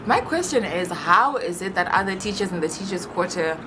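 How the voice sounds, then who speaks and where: A young woman telling a personal story in a chatty, animated vlog style, full of rhetorical questions. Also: lowish voice, brisk. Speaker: vlogger. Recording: music playing under voice.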